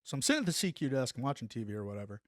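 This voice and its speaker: A middle-aged man and former soldier telling a story on a podcast, animated, acting out what people said and saying "like" often. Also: medium pitch, racing, no room sound, studio quality. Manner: animated, acts out quotes, says "like" a lot. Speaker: podcast guest, former Army Ranger. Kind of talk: casual storytelling.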